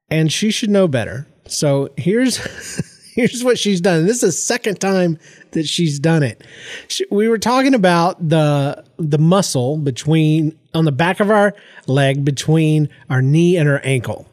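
A congested middle-aged man hosting his podcast, telling family stories in an animated, jokey way, often voicing the people in them. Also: fairly high pitch, a little slow, dry recording, clean studio sound. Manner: animated, jokey storytelling with laughs and voiced quotes. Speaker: podcast host. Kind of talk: casual solo podcast storytelling. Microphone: close podcast microphone.

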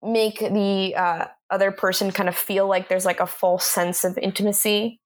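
A young adult woman co-hosting a podcast, telling an animated story with frequent laughs and some swearing. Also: mid-range voice, normal speed. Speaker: podcast co-host. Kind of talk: casual chat.

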